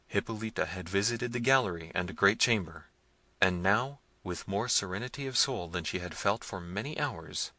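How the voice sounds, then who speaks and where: A man reading a gothic novel aloud in measured, scripted narration. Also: lowish voice, sharp tone, no room sound. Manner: measured storytelling. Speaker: audiobook narrator.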